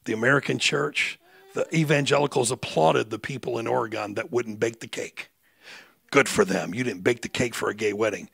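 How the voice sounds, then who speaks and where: A middle-aged male pastor, preaching conversationally and building to loud, emphatic outbursts. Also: medium pitch, a little fast, gravelly, husky, dry recording. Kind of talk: sermon.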